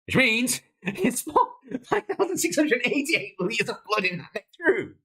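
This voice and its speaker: A woman's voice: a little high, very animated, unhurried, fairly bright tone, breathy edge. A woman streaming her game development, talking casually, swearing and laughing helplessly as she works things out aloud. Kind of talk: casual livestream commentary.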